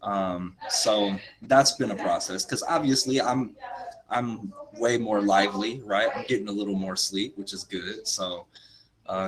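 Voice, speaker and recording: A man's voice: on the low side, low-quality recording. A young man hosting a casual livestream, laid-back and laughing often, calling his viewers "y'all" and "dude". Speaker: motivation coach hosting a livestream.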